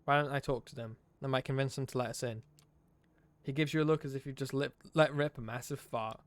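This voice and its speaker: Give me a man reading a game aloud on stream, expressive and wry, with a dry sound. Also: medium pitch, fairly quick, no room sound. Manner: expressive narration with wry asides.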